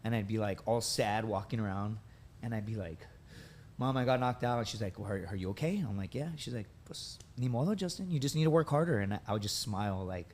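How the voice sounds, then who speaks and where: A man in his thirties, a podcast guest, telling animated personal stories in a casual way, often tagging on "dude" and "right?". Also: lowish voice, fast, slight background noise. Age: 30s. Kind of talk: casual storytelling.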